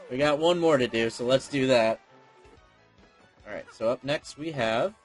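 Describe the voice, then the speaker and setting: A man's voice: medium pitch, moderate pace, pauses often, soft background music. A man hosting a let's play, giving casual, chatty and self-deprecating gameplay commentary.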